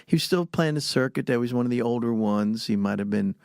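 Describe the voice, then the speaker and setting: A man's voice: medium pitch, a little fast, creaky, darkish tone, no echo, studio quality. A man in his sixties from Pennsylvania, a podcast guest telling rambling anecdotes with frequent chuckles. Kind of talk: casual storytelling.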